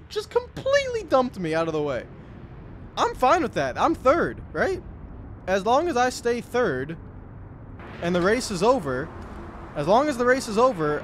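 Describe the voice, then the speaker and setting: A young man commenting on his own racing game play, muttering to himself and yelling when things go wrong. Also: high-pitched, slight background noise. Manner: excitable, yells when wrecked, mutters to himself. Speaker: gaming YouTuber.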